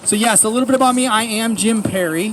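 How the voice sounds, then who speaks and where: High-voiced self-mocking man in his forties. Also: fast, noisy background. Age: 40s. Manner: deadpan storytelling with self-mocking punchlines. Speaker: stand-up comedian. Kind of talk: outdoor stand-up set. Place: outdoors in a city park under a tree.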